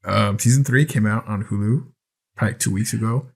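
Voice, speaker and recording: Low-voiced man, dry sarcastic co-host. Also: a little fast, creaky, slightly rough. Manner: dry, sarcastic banter, swears casually. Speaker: podcast co-host. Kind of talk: casual chat.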